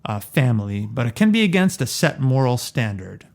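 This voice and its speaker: A man's voice: medium pitch, very animated, moderate pace. A man co-hosting a podcast in casual chat, explaining things in a playful way and laughing often. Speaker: podcast co-host.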